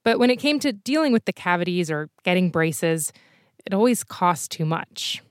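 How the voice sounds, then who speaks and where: A woman hosting a podcast, telling a true story in scripted documentary narration with a measured storytelling manner. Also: on the low side, expressive, dry recording, clean studio sound.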